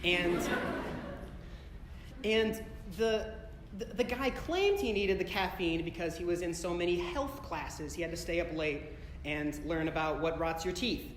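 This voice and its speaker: Unhurried and high-voiced, a male comic works a live concert-hall audience with a rambling tale he keeps revising mid-telling. The audio carries long reverb and echo from the hall, plus slight background noise.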